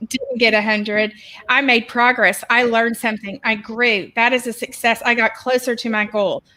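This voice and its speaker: Woman, educator, encouraging webinar talk, crisp bright tone. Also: a little high, low-quality recording. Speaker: educator presenter. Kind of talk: webinar presentation.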